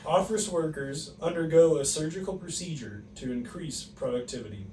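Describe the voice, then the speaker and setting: A young man co-hosting a casual podcast, reading quiz questions in a teasing, animated way and laughing often. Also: a little high, normal speed. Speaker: podcast co-host, quiz reader. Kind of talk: casual chat. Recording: echoey room, distant mic, faint noise.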